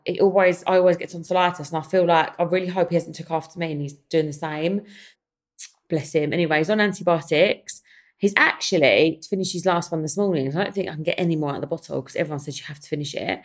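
A young woman, hosting her own podcast and telling a story in a casual, animated way, often calling her listeners "guys". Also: lowish voice. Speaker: podcast host. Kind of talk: casual chatty monologue.

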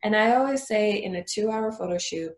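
A woman of middle pitch talks through her photo shoots in an easygoing interview, bouncing into quoted clients in a higher voice. Her voice carries a roomy echo. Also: brisk. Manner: lively, acts out her clients in a high voice. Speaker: boudoir photographer. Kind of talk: casual interview storytelling.

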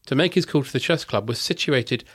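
A man hosting a podcast, telling a true story in casual chat with wry, deadpan asides. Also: mid-range voice, brisk.

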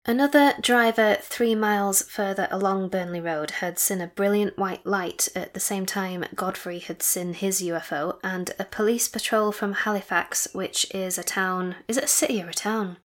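A woman's voice: mid-range voice, moderate pace, hardly any pauses. A woman co-hosting a podcast, retelling a case in a chatty, teasing way. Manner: chatty, teasing, recommends and asks questions. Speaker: podcast co-host. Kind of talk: casual chat, retelling a case.

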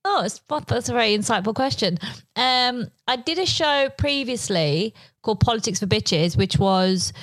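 A woman's voice: on the high side, normal speed, dry recording, poor audio. A woman comedian from England, chatting as a guest and telling stories with lots of swearing. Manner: animated storyteller, swears freely, acts out quotes. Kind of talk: casual interview chat.

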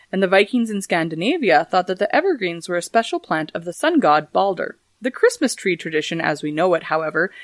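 A woman's voice: on the low side, no room sound. A woman hosting a casual history podcast, reading facts and adding dry, joking asides. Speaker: podcast host.

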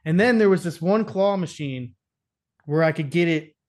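Brief: young guy, slightly high voice, swears a lot, loose joking storyteller. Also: animated, normal speed. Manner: profane, laughing, storytelling. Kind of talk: casual chat.

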